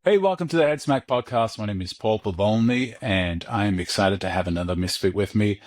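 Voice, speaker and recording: A man's voice: fairly low pitch, fairly quick, over loud music. A man hosting a podcast interview, friendly and joking, laughing easily with his guest. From Australia. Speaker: podcast host.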